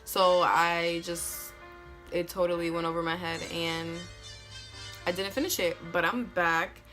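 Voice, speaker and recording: Vlogger woman, bright voice, lively storytelling, swears freely, faint music underneath. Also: fairly low pitch, unhurried. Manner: animated, profane, slangy storytelling. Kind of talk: storytime vlog.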